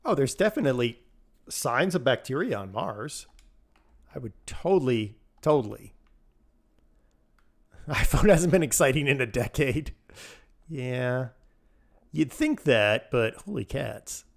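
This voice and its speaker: A man's voice: medium pitch, big pitch swings, slow, vocal fry, long pauses. A man rambling casually on a live game stream, answering chat and laughing often.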